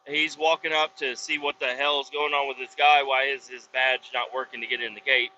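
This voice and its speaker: A man casually telling a rambling work story from inside his truck, profane and animated, acting out the people he quotes. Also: medium pitch, a little fast, muffled recording, slight background noise. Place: inside a pickup truck with windows down.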